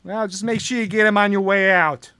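A man voicing a big, gruff security guard, talking slowly and bluntly. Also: high voice, fairly even intonation, pushed and bright, no room sound. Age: 50s.

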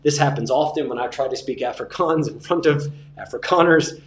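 A man teaching a class on sermon delivery, relaxed and joking, repeating his key points. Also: mid-range voice, fairly quick, roomy sound, slight background noise. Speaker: preaching instructor.

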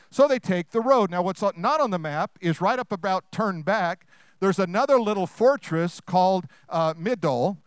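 High voiced preacher guy, smooth clear voice, dry sound, goes loud then real quiet. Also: no echo. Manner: animated, swinging from loud to hushed, quizzing the congregation. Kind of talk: sermon.

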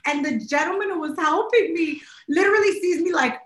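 A woman co-hosting a podcast, a bit under the weather, telling stories in an animated way and laughing often. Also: very high-pitched, brisk, reverberant. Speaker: podcast co-host. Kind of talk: casual chat.

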